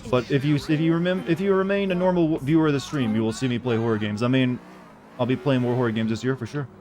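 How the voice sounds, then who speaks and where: A man's voice: mid-range voice, fairly even intonation, quick pace, darkish tone, soft background music. A man streaming a game, chatting casually and answering viewers' questions in a rambling, joking way. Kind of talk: casual gameplay commentary.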